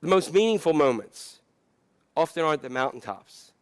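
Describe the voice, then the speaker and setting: A male pastor delivering a sermon with a smooth, resonant voice pitched a little high for a man. He talks conversationally and pokes fun at himself, then presses hard on key points. The sound is close and dry. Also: expressive, normal speed, dry recording. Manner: conversational, self-deprecating, building to impassioned.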